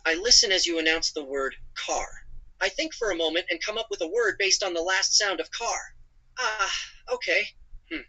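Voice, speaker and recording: A text-to-speech male voice playing a calm, apologetic AI companion chatbot who narrates his own actions. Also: high-pitched, moderate pace, full character voice, low-quality recording. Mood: earnest.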